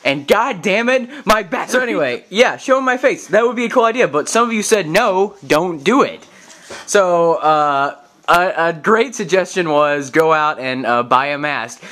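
Man, high voice, animated pitch swings, profane, exasperated, casual vlog. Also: moderate pace. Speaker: gaming vlogger. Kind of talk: casual vlog rant to camera.

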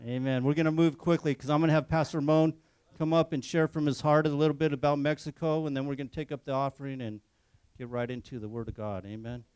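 Man, church service leader, fervent, slightly high voice, smooth, amen after phrases. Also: fairly even intonation, a little fast, darkish tone, dry recording. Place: church sanctuary.

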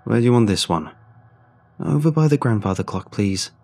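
A polite, well-spoken young mover, as a man puts him on, asking curious questions in a slightly husky voice. He is a figure in a spoken horror story. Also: on the low side, expressive, moderate pace, a little mellow.

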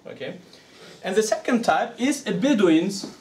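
A man's voice: high voice, animated, measured pace, darkish tone, far from the mic, a little hiss or hum. A man giving a religious lecture to an audience, speaking conversationally and often asking rhetorical questions. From Uzbekistan. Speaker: Islamic scholar lecturing. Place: lecture hall. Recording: echoey room, speaker away from the mic.

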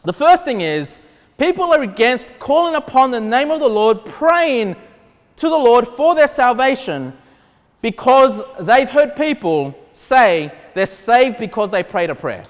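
A man's voice: very high-pitched, big pitch swings, unhurried. A man with an Australian accent preaching a sermon as pastor, conversational and then emphatic. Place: church hall. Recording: long hall reverb.

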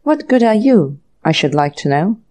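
A woman's voice: on the low side, sing-song, mellow. Woman doing an irritable, bewildered male author. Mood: bewildered, exasperated. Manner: brisk, exasperated muttering.

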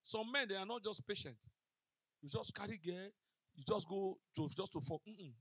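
Animated stand-up comedian, bright voice. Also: male voice, high-pitched, moderate pace, no echo. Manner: animated storyteller mixing pidgin, acting out dialogue. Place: comedy stage before a live audience.

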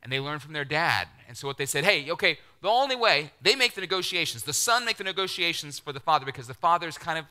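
A middle-aged man preaching a sermon, animated, acting out the voices he quotes and dropping to near-whispers. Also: a little high, quick pace, hardly any pauses, clean tone. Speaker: pastor.

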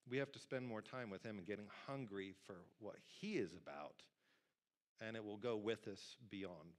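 A male pastor preaching a sermon to a church congregation in a lively, conversational way, talking directly to the people in the pews. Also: fairly low pitch, normal speed. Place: church sanctuary.

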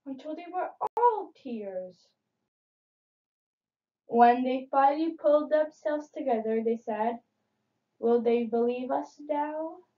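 A woman reading children's picture books aloud in an expressive, dramatic way, in a dull lo-fi recording. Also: a little high. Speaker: storybook reader.

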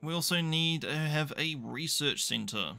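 A man's voice: on the high side, animated, normal speed, creaky, pushed and bright, soft background music. A young man commentating a management game, chatty and thinking aloud with dry, self-mocking asides. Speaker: gaming YouTuber. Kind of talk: casual let's play commentary.

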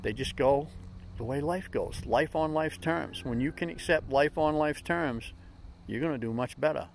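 A man's voice: a little high, moderate pace, vocal fry, a little hiss or hum. A middle-aged man hosting a daily vlog, giving folksy, upbeat motivational talk in plain slang. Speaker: vlog host.

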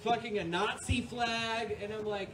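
A man's voice: sits high, fairly even intonation, a little slow, a bit bright. A man from New York doing a rambling, profane stand-up set on a club stage, often laughing at his own jokes. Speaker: stand-up comedian. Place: comedy club stage with audience. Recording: distant mic, noisy live room.

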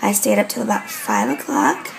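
A woman's voice: medium pitch, big pitch swings, moderate pace, gravelly, noisy background. A young woman hair stylist rambling through a casual vlog at home. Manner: rambling, chatty, slips into whispers.

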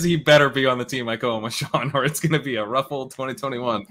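A man's voice: mid-range voice, quick pace, bright, forceful tone. A man, a guest analyst in a casual live-draft podcast chat, explaining his reasoning at length. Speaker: guest fantasy football analyst.

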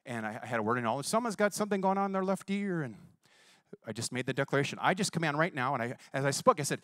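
A man's voice: on the high side, quick pace, no room sound, clean studio sound. A man preaching a sermon, telling healing stories in a casual, conversational way and acting out the quotes. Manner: lively, conversational, acts out quotes. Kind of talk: sermon storytelling.

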